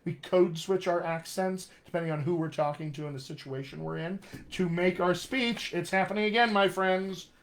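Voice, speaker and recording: Male dialect coach, General American accent with West Texas traces, slightly high voice, emphatic and friendly on a live stream. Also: moderate pace, hardly any pauses. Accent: General American with West Texas and upstate New York traces. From Colorado, USA. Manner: friendly, emphatic teaching with frequent "all right" and "my friends". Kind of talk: live online accent lesson.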